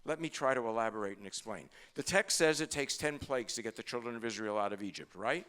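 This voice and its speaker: An older man, a rabbi giving a humorous sermon, talking fast and telling stories with jokes. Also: medium pitch. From Brooklyn, New York. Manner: fast-talking, joking, animated storytelling.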